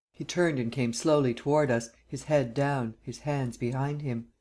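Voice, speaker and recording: Male audiobook narrator, measured even storytelling, medium pitch.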